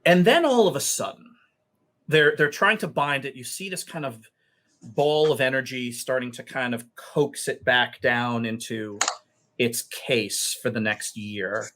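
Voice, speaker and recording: Unhurried and full of fillers, a game master recounts the story of a tabletop session. He has a medium-pitched voice with a sharp tone.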